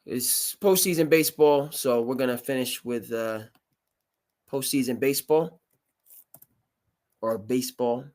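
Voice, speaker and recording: A man's voice: mid-range voice, a little slow, pauses often. A male sports show host talking casually in a middle-range voice. He rambles, restarts sentences and leans on fillers as he riffs on the games. It has the loose feel of a live broadcast. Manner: rambling, filler-heavy, animated.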